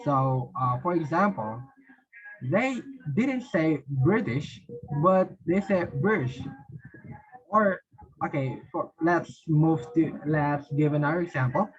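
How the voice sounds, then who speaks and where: A man leads a pronunciation drill at a very unhurried pace. He reads words one by one and stumbles through explanations, repeating phrases with fillers. The lo-fi recording sounds dull and muffled. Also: a little high, expressive. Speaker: English pronunciation teacher. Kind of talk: slow word-list drill and explanation.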